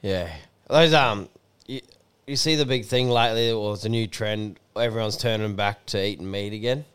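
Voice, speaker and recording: Relaxed Australian man, low smooth voice. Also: moderate pace. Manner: relaxed, short agreeing replies, swearing. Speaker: podcast co-host. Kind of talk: casual chat.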